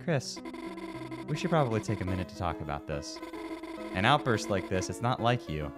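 A man voicing a gentle, caring teenage girl in a game playthrough, speaking in a soft, reassuring way. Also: low voice, big pitch swings, normal speed, loud music behind the voice.

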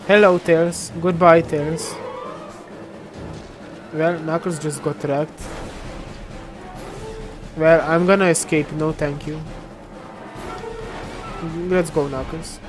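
Giggly, slow-talking young woman gamer. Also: low-pitched, fairly even intonation, music in the background. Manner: giggly, chatty, teasing. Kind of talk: casual gameplay commentary.

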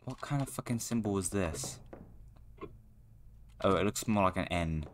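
A young man giving foul-mouthed, excitable commentary while playing a horror game, yelling at what scares him. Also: deep voice, a little slow, slight background noise. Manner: swearing, excitable, shouting at the game. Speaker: gaming YouTuber.

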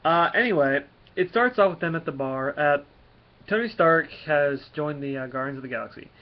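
A man giving a casual spoken review of a comic, rambling and halting with many fillers. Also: fairly high pitch, expressive, highs cut off.

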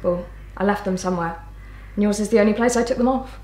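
An actress playing a wry, evasive young patient. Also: female voice, medium pitch, a little mellow, reverberant, close to an everyday voice. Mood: guarded, wry. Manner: wry and deflecting, quick comebacks. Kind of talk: screen drama acting.

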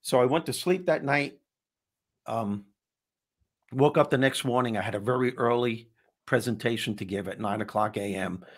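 A man hosting a talk show, telling a personal story in a lively way with frequent restarts. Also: medium pitch, normal speed. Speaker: host. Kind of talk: casual storytelling chat.

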